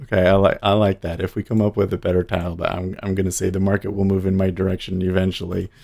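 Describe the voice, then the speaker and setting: A man hosting a day-trading livestream, talking casually in a rambling, halting way with many restarts. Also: low voice, flat delivery, creaky, darkish tone.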